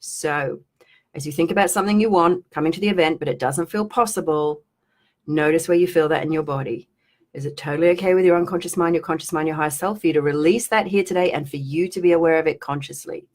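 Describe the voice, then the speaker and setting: A woman with a low, deep-set voice leads viewers through an energy-release exercise on a live stream. She talks casually and then slows right down, her voice softening almost to a whisper as she guides them. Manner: soft, slow guiding voice that drops to a near whisper. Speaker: spiritual teacher.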